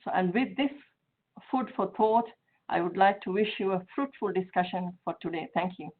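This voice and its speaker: A woman, a division director, delivering measured prepared opening remarks at a webinar. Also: mid-range voice. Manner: measured, reads from a prepared text. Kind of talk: formal prepared speech. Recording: tinny phone-like webinar audio.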